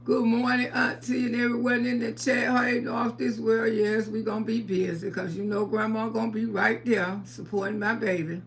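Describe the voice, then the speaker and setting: A woman's voice: a little high, level tone, normal speed, few pauses, a little hiss or hum. An older woman hosting a live stream, greeting viewers by name and laughing often, calling them sugar and baby. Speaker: livestream host.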